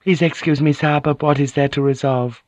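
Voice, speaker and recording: A man's voice: a little high, fairly even intonation, moderate pace, darkish tone, dry recording, pitched above the performer's own voice, close to an everyday voice. A resolute, devout noblewoman who speaks with formal courtesy and will not bend, as a male reader acts her out. The voice is lifted above the reader's own. The recording is dry and a little dull. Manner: formal, polite, firm.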